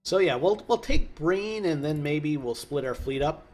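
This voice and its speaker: A man's voice: on the high side, animated, normal speed, a little mellow. A man hosting a let's play, talking casually through a strategy game and drifting into joking asides as he plays. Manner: rambling, musing aloud with joking asides. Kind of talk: casual gameplay commentary.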